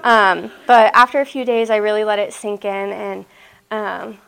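A young woman from Nebraska tells a personal story to a school assembly. She talks in a lively, chatty way, peppering her speech with "like." Her voice has a gravelly fry at mid pitch. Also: moderate pace. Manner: lively, chatty, many "like" fillers. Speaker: missionary speaker. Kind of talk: storytelling talk.

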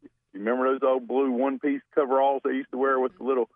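A man's voice: mid-range voice, little pitch movement, no echo. A man, calling in to a radio show and telling long, folksy, rambling stories. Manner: folksy, drawn-out, rambling anecdotes. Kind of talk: storytelling on a call-in show. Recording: tinny phone line, dry.

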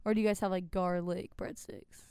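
A young woman co-hosting a casual chat podcast, chatty and quick to laugh. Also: on the low side, fairly even intonation, creaky, mellow, smooth, dry recording. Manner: giggly, chatty. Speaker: co-host.

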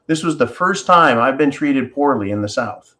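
A man's voice: mid-range voice, animated, moderate pace, bright, forceful tone. Blunt, profane man telling a story. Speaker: podcast host. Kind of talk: casual monologue and storytelling.

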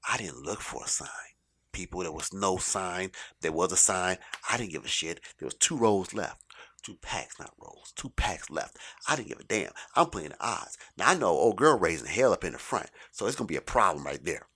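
A middle-aged man telling a stand-up comedy story in an animated, profane way, swinging between loud bursts and quiet asides. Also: low-pitched, normal speed, slightly rough.

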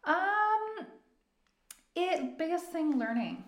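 A woman's voice: very high voice, big pitch swings, extremely slow, fairly bright tone. Easygoing woman business owner. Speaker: podcast co-host, small business owner. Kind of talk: casual podcast chat. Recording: echoey room.

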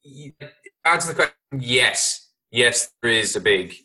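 A man's voice: medium pitch, expressive, a little slow, pushed and bright, low-quality recording. A young Irish man talking casually as a podcast guest, rambling with lots of fillers and swearing. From Ireland. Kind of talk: casual chat.

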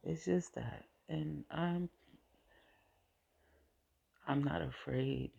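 A woman's voice: sits low, extremely slow, gravelly, dark tone, husky, highs cut off. A woman sharing a personal faith testimony in a vlog. She repeats phrases for emphasis and sometimes drifts into a whisper. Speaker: vlogger sharing her faith.

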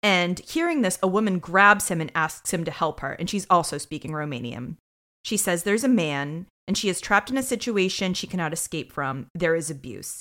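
A woman co-hosting a podcast, recapping a TV episode in casual chat and acting out the characters' lines. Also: lowish voice. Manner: animated, acts out characters' lines. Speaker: podcast co-host.

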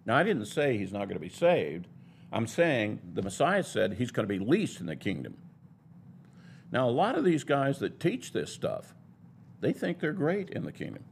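A man's voice: medium pitch, huge pitch swings, moderate pace, gravelly, slight background noise. A man teaching a Bible lesson in a sermon style, building his points in an emphatic, argumentative way.

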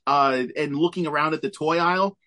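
A man co-hosting a podcast in casual chat over a video call, animated and laughing often. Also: on the high side, brisk. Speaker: podcast co-host.

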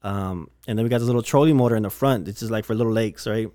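A man's voice: on the low side, quick pace, no room sound, clean studio sound. A young man telling a wild story in casual podcast chat, swearing constantly and acting out what people said. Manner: animated storyteller, heavy swearing, slangy.

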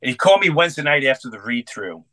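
Intense, bright-voiced man telling a story. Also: medium pitch, big pitch swings, fast, dry recording. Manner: intense, earnest storytelling, acts out both sides of quoted dialogue. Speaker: guest comedian. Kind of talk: storytelling in a podcast interview.

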